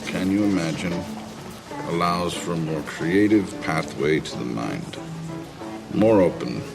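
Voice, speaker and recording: A gravelly, slow-spoken cult leader, middle-aged and commanding. He talks in a low, measured tone over loud film music. The sound comes from a movie clip. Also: low-quality recording. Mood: calm lecturing. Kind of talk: film drama acting.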